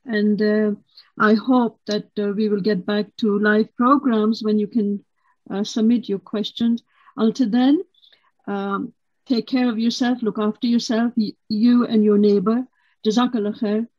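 A woman hosting an interview, speaking softly and supportively with plenty of "um"s. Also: medium pitch, fairly even intonation, a little slow, no room sound. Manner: soft, supportive listener. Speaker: host. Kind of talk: interview host. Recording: dry, dull lo-fi.

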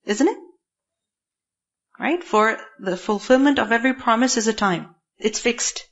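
A woman's voice: on the high side, a little slow, highs cut off. A woman teaching a Quran commentary lecture, reciting Arabic verses and explaining them with rhetorical questions. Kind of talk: tafseer lecture.

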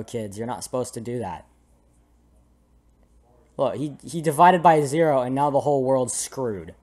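A man's voice: medium pitch, a little mellow. A young man doing comedic commentary over a video game, goofy and jokey with sudden dramatic outbursts. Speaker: gameplay commentator. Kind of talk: comedic let's play commentary.

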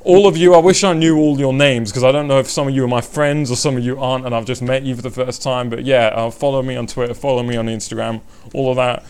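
A man hosting a casual live stream who chats to viewers in an excitable, rambling way with mock suspense. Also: fast, hardly any pauses, smooth. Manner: excitable, rambling, jumps into high-pitched mock suspense and laughs often.

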